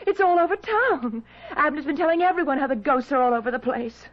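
A worried young lady in an old radio mystery, high voice swinging a lot, muffled. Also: expressive, fairly quick. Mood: upset. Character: earnest young woman, engaged and protective. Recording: muffled 1970s radio drama.

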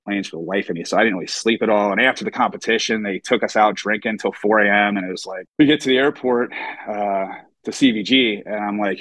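A man's voice: on the low side, quick pace, fairly bright tone, no room sound. A young adult man, a chef from the United States, telling stories casually in an interview, full of fillers and acting out quoted voices. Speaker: chef, podcast guest.

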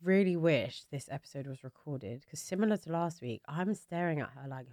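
An animated young woman from England chatting with her co-host on a podcast. Her voice sits a little low but swoops widely as she acts out quotes, and the recording is dry and close. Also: a little fast, few pauses, dry recording. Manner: animated, laughs often, acts out quotes with loud high voices. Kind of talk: casual chat.

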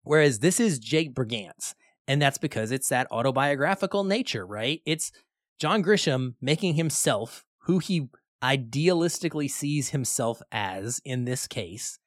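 A man's voice: medium pitch, unhurried, no room sound. Movie podcast guy, worked up, acts out his reactions, mid voice, dry close mic. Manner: animated, acts out reactions to scenes. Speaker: podcast co-host. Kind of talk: casual film review chat.

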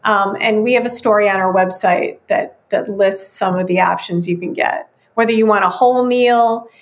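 A female co-host in casual chat, reading off menu items and pausing on ums. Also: mid-range voice, fairly even intonation. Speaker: food news co-host.

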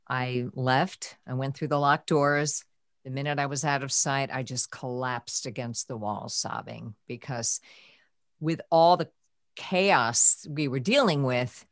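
Low-voiced mother telling a painful story. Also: slow, dry recording, clean studio sound. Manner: emotional, soft-spoken, drops to a whisper at times. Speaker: podcast host. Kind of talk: personal storytelling in conversation.

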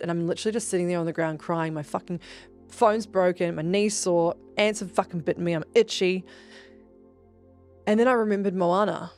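A woman's voice: on the low side, a little fast, soft background music. Sweary New woman telling a story. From New Zealand. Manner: candid, expressive, swears freely. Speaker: podcast host. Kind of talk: casual storytelling monologue.

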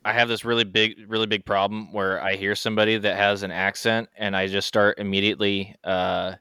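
A male podcast co-host who talks in a loose, rambling way, circling back on himself. His low voice is bright and forceful, and the sound is dry and close. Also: little pitch movement, a little fast, clean tone, no echo. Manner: rambling, chatty, self-interrupting. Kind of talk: casual podcast chat.

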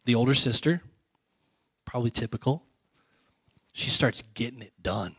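A male pastor giving a conversational sermon, asking the congregation questions and dropping to soft, quiet lines. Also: medium pitch, normal speed, long pauses, husky, no room sound.

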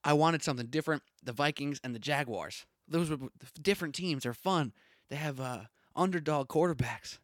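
A man's voice: fairly high pitch, normal speed, no echo, studio quality. Opinionated man hosting a sports podcast. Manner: opinionated, punchy, rhetorical ranting. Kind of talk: solo sports podcast monologue.

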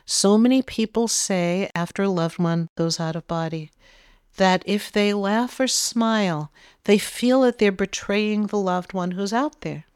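A woman talks a listener through a guided meditation, her tone gentle and soothing. Her voice sits at an ordinary middle pitch. The sound is dry and close, with no room around it. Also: measured pace, clean tone, dry recording. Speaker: spiritual medium.

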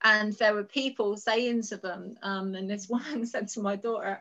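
Bright-voiced woman telling a story. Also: medium pitch, moderate pace, dull audio. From United Kingdom. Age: adult with school-age children. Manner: animated, laughs often, breaks into squeals. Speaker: podcast guest, author. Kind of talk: casual storytelling chat.

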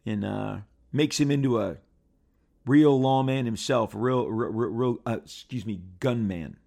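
A man's voice: mid-range voice, a little slow, vocal fry, warm tone. A man reviewing comic books in a playful, rambling casual chat with frequent restarts.

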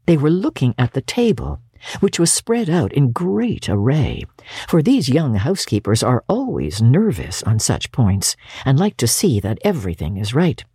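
A woman narrating a classic novel in an expressive audiobook reading. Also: extremely low pitch, moderate pace, slightly rough, dry recording, clean studio sound.

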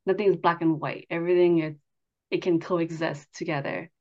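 Lower-voiced woman host, muffled. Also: fairly even intonation, darkish tone. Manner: halting, filler-heavy questions. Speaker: podcast host. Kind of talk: conversational interview. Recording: dull, lo-fi sound.

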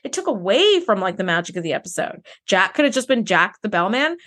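Lively, animated woman podcast host. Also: mid-range voice, a little fast. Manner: animated, swears, acts out characters' lines. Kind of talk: casual recap chat.

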